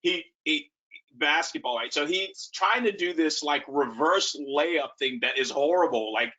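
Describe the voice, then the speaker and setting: Bright-voiced animated male coach. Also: on the high side, unhurried. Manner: animated storytelling. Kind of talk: casual webinar talk. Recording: muffled lo-fi call audio.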